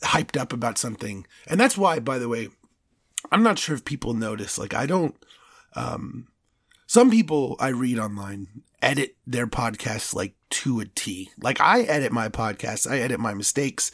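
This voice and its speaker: A man behind a studio podcast mic, ranting on his own with real heat. His voice sits in a middle pitch, and the sound is dry and close, with no room around it. He stammers and restarts when he gets worked up. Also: big pitch swings, normal speed, a bit bright, dry recording. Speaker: podcast host. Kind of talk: solo podcast rant.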